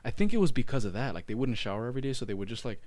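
Animated, rambling male podcast co-host. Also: medium pitch, racing, dry recording. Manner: animated, swearing, rambling with restarts. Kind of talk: casual chat.

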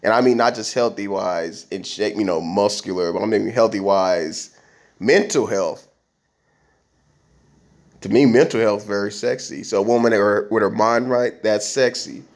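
A man's voice: fairly low pitch, normal speed. Rambling man podcasting solo. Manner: rambling, conversational, with many restarts and fillers. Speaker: podcast host. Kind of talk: casual monologue.

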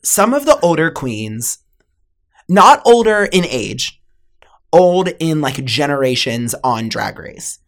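Chatty young woman with a low voice. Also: big pitch swings, slow pace. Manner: chatty, laughing, lots of "like". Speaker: podcast co-host. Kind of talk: casual chat.

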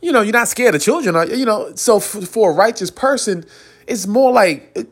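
A man's voice: high voice, animated, moderate pace. A man hosting a podcast, giving a rambling, earnest spiritual monologue and chuckling between phrases. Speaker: podcast host.

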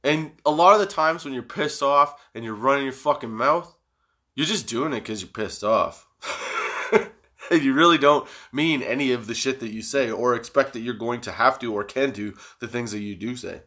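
A man hosting his own podcast, rambling in a casual, profane, self-mocking way after staying up all night high. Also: normal speed, sharp tone. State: sleepless and high. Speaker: podcast host.

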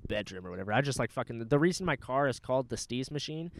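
A man's voice: mid-range voice, expressive, quick pace, creaky. A young man in his twenties hosting a podcast, telling a rambling story with lots of swearing and filler words. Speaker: podcast host. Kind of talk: casual podcast chat.

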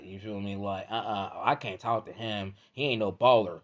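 A man's voice: fairly low pitch, moderate pace, hardly any pauses. A man delivering a profane comedic rant as a podcast host, repeating "you feel me" constantly. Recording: dull lo-fi audio.

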